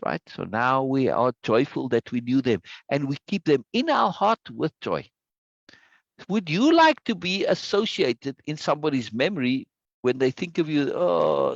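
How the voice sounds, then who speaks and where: Man, earnest and emphatic, lively pitch, dry close sound. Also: vocal fry, no echo, highs cut off. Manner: earnest, emphatic, repeats phrases. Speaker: self-development teacher. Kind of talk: reflective casual talk to listeners.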